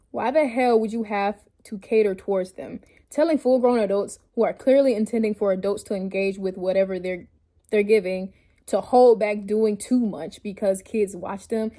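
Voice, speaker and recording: Animated, profane woman ranting, high voice. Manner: animated, blunt and profane, often laughing. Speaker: vlogger. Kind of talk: casual rant reading her notes.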